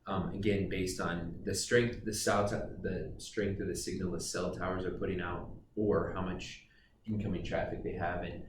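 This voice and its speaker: Deep-voiced man explaining in a roomy room. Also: little pitch movement, moderate pace. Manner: explanatory, with fillers and dry jokes. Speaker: guest dispatcher. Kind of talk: casual podcast chat. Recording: roomy, distant mic with background noise.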